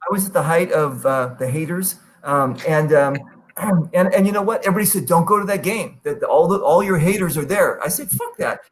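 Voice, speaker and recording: A man hosting a podcast, telling stories in a casual, animated way, swearing freely and jumping into high-pitched quoted voices. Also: a little fast, a little hiss or hum. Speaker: podcast host. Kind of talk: casual storytelling chat.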